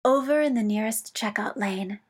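A woman reading fiction aloud in a slow, soft, measured storytelling manner, dropping now and then into a whisper. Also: fairly high pitch, husky. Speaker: narrator.

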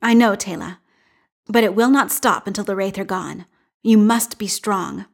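A woman's voice: medium pitch, normal speed, gravelly. A woman voicing a protective mother whose voice is urgent and edged with fear. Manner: urgent, tense.

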